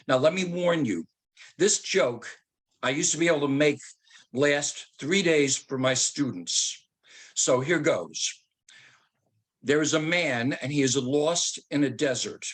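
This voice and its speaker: A man's voice: on the high side, slow. An older man giving a talk over a video call, teacherly and joking, asking rhetorical questions. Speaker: speaker and author. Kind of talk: storytelling talk.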